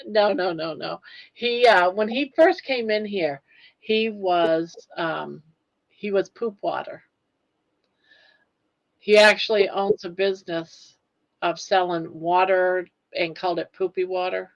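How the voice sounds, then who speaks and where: A woman's voice: on the low side, takes it slowly. A woman co-hosting a casual live chat, easygoing and full of fillers. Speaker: co-host guest. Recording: dull lo-fi audio.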